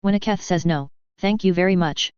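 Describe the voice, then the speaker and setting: Cheerful alien snake girl, read by a woman, polite but blunt, low smooth voice, sci-fi story reading. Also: moderate pace, a little mellow, dry recording, lo-fi sound, lightly acted. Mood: cheerfully blunt.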